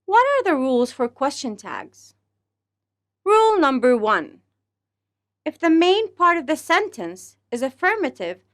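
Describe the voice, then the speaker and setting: Slow, lively high-voiced woman teacher. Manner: slow, deliberate delivery, speaking to pupils as a class; exaggerated rising and falling intonation on example phrases. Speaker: English teacher. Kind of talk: scripted grammar lesson.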